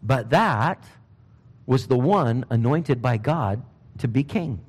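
A man preaching a sermon, telling Bible stories in a lively, conversational way and briefly voicing the people in them. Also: medium pitch, slow pace, husky, long reverb tail. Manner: animated storytelling, acting out Bible figures in casual speech.

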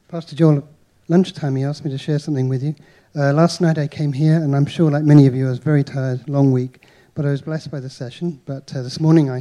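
A man's voice: fairly high pitch, dark tone. A man from the congregation sharing a hesitant testimony, full of fillers. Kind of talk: spoken testimony.

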